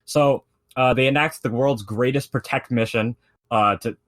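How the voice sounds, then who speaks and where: A man's voice: mid-range voice, steady tone, normal speed, fairly bright tone. A man in casual podcast chat, retelling a story in a rambling way with lots of fillers and swearing. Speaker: podcast co-host explaining lore.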